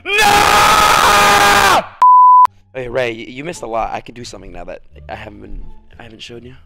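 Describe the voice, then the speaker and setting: A young man streaming live, chatting casually to his viewers and breaking into loud, profane rants. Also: fairly low pitch, fast talker, gravelly, loud music behind the voice, a loud crowd. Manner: loud, profane, ranting to chat. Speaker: livestreamer. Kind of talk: casual livestream chat.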